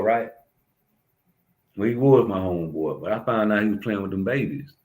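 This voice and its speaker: A man's voice: fairly low pitch, animated, moderate pace, a little mellow, lo-fi sound, a little hiss or hum. A young adult man, ranting bluntly and profanely in street slang as a commentator. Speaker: YouTube commentator. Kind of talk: casual ranting monologue.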